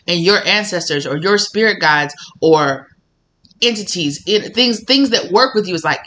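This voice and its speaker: A bright, sharp-toned tarot reader talking straight to viewers in a casual reading. The delivery is blunt and sassy, with free swearing and frequent laughs. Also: mid-range voice, lively intonation, normal speed.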